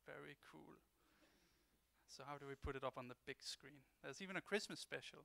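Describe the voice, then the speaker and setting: A man's voice: fairly high pitch, fairly quick, gravelly, sharp tone. A man giving a self-mocking, jokey talk on a convention panel.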